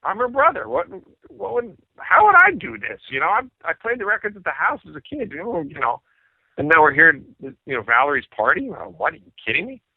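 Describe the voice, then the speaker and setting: A man's voice: a little high, a little fast, gravelly, breathy edge, dry recording. Man telling stories over a tinny line. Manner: animated, acts out quoted voices. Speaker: musician guest. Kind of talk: casual storytelling. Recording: tinny phone-like line, dry.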